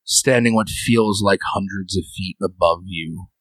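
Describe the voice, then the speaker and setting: A man narrating as game master, describing a scene in slow, drawn-out phrases. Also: low-pitched, fairly bright tone, no room sound, rough recording.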